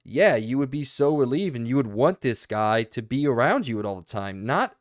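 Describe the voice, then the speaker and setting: A man co-hosting a video game podcast, talking in long animated runs in a casual review discussion. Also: medium pitch, normal speed, no echo, studio quality.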